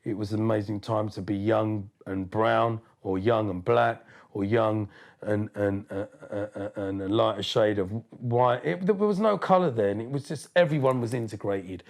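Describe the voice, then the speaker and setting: A man, a DJ talking in a casual interview, animated and full of slang, often repeating words as he restarts. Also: fairly low pitch, moderate pace, gravelly. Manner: street slang. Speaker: DJ and producer, interview guest.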